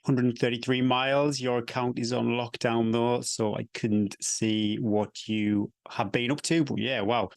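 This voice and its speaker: A man's voice: medium pitch, no echo. A man co-hosting a running podcast, chatty and easygoing, reading out listener messages and laughing often. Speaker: podcast co-host. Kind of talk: casual podcast chat.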